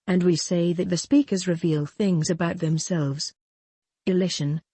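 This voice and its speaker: Literature teacher, lecture delivery, husky tone, dry close sound. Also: medium pitch, steady tone, measured pace, dark tone, dry recording. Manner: reads definitions, then restates them in plain words. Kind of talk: recorded lecture reading and explaining definitions.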